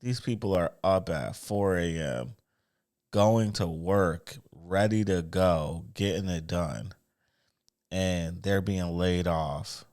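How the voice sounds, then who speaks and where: A man's voice: low voice, slow pace, a little mellow. A man hosting a commentary video, speaking in an earnest, sympathetic way with sighs. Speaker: commentary channel host. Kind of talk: casual commentary.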